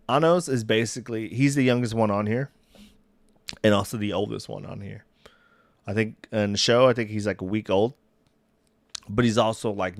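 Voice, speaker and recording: A young man with a lowish voice rambles through a casual livestream chat into a desk mic. He stops mid-thought, restarts and chuckles at his own takes. The sound is close and dry. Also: no echo. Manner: rambling, self-interrupting, laughing at himself. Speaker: streamer.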